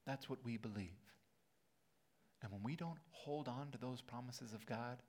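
A man's voice: mid-range voice, unhurried, a little mellow. Earnest male pastor preaching. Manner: earnest, building to emphatic peaks. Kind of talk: sermon. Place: church sanctuary.

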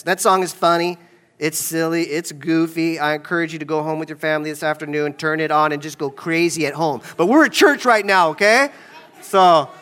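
A man's voice: fairly high pitch, fairly bright tone. A man pastor leading a children's sermon in a large church, playful and talking right to the kids. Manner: playful, addressing kids directly.

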